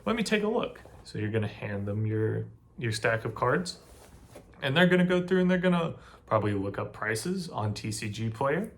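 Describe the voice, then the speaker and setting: A man's voice: fairly low pitch, animated, normal speed. Chatty man giving step-by-step advice. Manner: chatty, repeats himself, frequent "right?" asides. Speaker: channel host giving advice. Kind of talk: casual how-to talk to camera.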